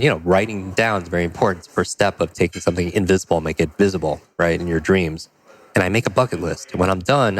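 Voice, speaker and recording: A man telling a personal story as a podcast guest, energetic and acting out the dialogue. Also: sits low. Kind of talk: conversational storytelling.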